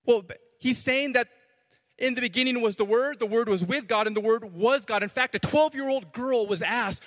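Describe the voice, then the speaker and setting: High-voiced pastor preaching in a reverberant hall. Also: male voice, normal speed. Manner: animated, repeats words, swings loud to soft. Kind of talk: sermon.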